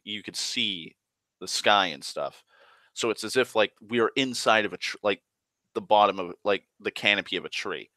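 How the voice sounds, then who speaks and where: A man's voice: fairly low pitch, sharp tone, clear, resonant tone, no echo. A man retelling a tabletop game session in a rambling, profane way, full of fillers and restarts. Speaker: storyteller.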